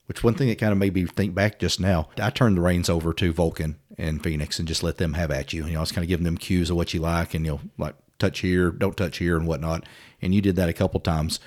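A middle-aged man with a drawl and a very low, deep voice. He talks fast and tells his stories frankly in a relaxed chat. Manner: quick, animated storytelling with frank language. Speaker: podcast co-host. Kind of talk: casual chat, storytelling.

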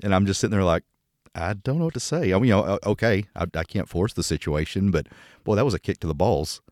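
A Texan man with a very low voice talks fast, sharing candid stories on a podcast. He tells them with crude, joking humor. The recording is dry and close. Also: darkish tone, no room sound. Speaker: podcast co-host. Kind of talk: casual conversation.

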